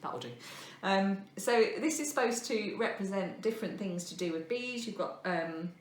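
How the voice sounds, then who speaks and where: A woman in her thirties hosts a craft podcast, chatting casually as she shows crafts to the camera. She rambles with plenty of fillers and self-deprecating asides, speaking at medium pitch and normal speed. The room is echoey.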